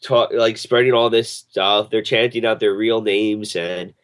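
A man's voice: lowish voice, steady tone, unhurried. A man co-hosting a podcast, opinionated and insistent, stopping others to finish his point. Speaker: podcast co-host. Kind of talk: casual podcast chat.

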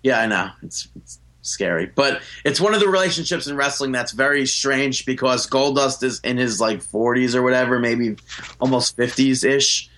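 A man with a bright, forceful edge to his voice, talking in a casual podcast chat. He swears often and keeps stumbling over filler words like "like". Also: medium pitch, normal speed. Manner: swears a lot, says "like" often. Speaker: podcast co-host.

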